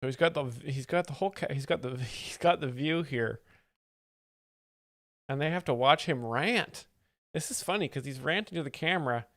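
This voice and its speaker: A man's voice: fairly high pitch, normal speed, fairly bright tone, dry recording, studio quality. A man hosting a live stream, commenting playfully on a comedy clip and laughing often. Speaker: joke explainer host.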